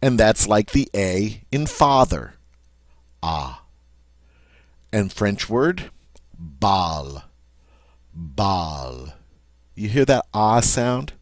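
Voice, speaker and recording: Male language tutor, low voice, patient step-by-step delivery, dry close recording. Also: takes it slowly, hardly any pauses, no echo. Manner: patient, checks in with "all right?". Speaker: French teacher. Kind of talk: explaining language lesson.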